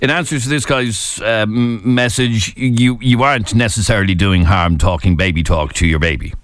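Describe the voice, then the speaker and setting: A man hosting a radio talk show, speaking in a relaxed way with hesitant pauses. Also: fairly low pitch, no room sound.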